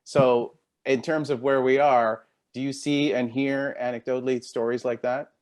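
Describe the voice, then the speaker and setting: A man's voice: medium pitch, flat delivery, normal speed, darkish tone. A man from England moderating a panel discussion, talking conversationally and drawing the panelists out with follow-up questions.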